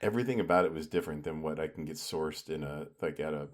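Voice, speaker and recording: A man's voice: very deep voice, fast talker. A man co-hosting a podcast, telling long stories in casual chat with lots of fillers. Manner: rambling storyteller, lots of filler. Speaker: podcast co-host.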